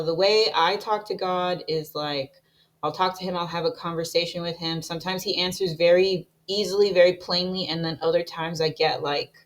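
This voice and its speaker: Low-voiced woman sharing a prophetic word. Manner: casual, with frequent "like" and "right?" fillers between readings. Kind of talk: reading aloud a received prophetic word.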